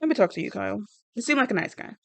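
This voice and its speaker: A woman's voice: mid-range voice, expressive, very fast, gravelly, a bit bright, dry recording. A woman giving blunt, rambling, sassy commentary on a reality show. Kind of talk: casual reaction commentary.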